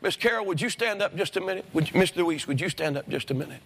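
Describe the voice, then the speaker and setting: A man's voice: high voice, expressive, quick pace, vocal fry, fairly bright tone, in a large hall. A male pastor preaching a sermon, emphatic and repeatedly questioning his congregation. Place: church sanctuary.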